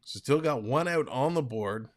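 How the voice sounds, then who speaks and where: A man calling a ball game play-by-play on a live stream, chatting and reading viewer comments between pitches. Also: lively intonation, moderate pace. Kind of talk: casual play-by-play with chat reading.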